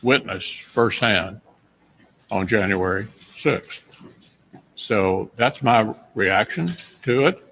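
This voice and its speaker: Slow, gravelly older man. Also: lowish voice, a bit bright, poor audio. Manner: slow, halting statement. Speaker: senator. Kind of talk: press remarks.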